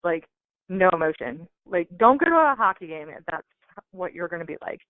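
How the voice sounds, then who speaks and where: A woman's voice: lowish voice, animated, brisk, dry recording. A woman calling in, telling a story casually and animatedly, with lots of fillers. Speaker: call-in guest. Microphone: phone. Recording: tinny phone line.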